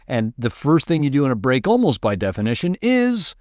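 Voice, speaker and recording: A man casually teaching music production, thinking aloud while he works and muttering at his software. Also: mid-range voice, expressive, fast, no room sound, clean studio sound. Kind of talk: casual screen-recorded tutorial.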